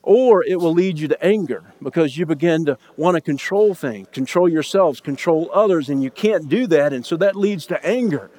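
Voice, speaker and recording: A man's voice: on the high side, animated, normal speed, hardly any pauses, mellow. A man preaching a sermon as pastor, telling a story and acting out the lines of the people in it. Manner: storytelling, acts out quoted lines in raised voice.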